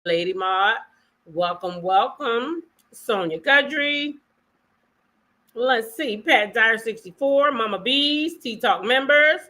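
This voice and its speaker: A woman hosting a casual live stream, greeting her viewers by name and chatting with them, her voice a little hoarse. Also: on the high side, animated, slow pace, pushed and bright. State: voice a bit hoarse. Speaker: livestream host.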